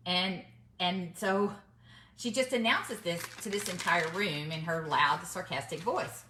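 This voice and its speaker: A woman's voice: lowish voice, measured pace, reverberant, noisy background. A middle-aged woman, telling a story to her viewers in a chatty, emphatic way and calling them y'all. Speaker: vlogger giving business mindset advice. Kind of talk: casual storytelling to camera.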